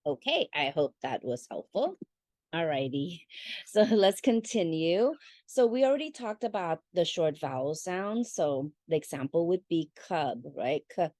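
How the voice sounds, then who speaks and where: A woman's voice: low-pitched, expressive, a little slow, darkish tone, no echo. A woman teacher giving a parent workshop in a chatty way, with fillers and check-ins. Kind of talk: casual instructional talk.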